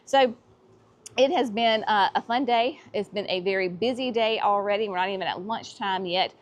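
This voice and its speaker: A woman's voice: medium pitch, moderate pace. A woman, the host of a gardening vlog, chatting enthusiastically as she shows off plants at her nursery. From North Carolina, US. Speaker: nursery owner and channel host. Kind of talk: casual gardening vlog walkthrough.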